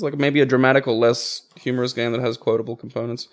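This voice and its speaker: A man's voice: medium pitch, level tone, quick pace. A man chatting casually over gameplay, rambling with lots of filler words and swearing freely. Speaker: co-host.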